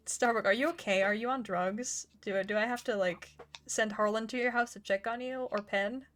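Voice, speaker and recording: A woman's voice: a little high, fairly even intonation, moderate pace, fairly bright tone, slight background noise. A woman hosting a live tabletop game stream, chatting casually and narrating, with frequent laughter and self-mocking asides. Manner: giggly, rambling, self-mocking. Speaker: dungeon master and stream host.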